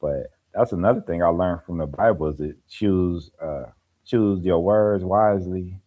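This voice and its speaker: A man's voice: low-pitched, a little slow, narrow, tinny audio. A laid-back man chatting casually on a live stream, telling stories and laughing as he goes. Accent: African American Vernacular English. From American Midwest or East Coast. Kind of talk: casual chat.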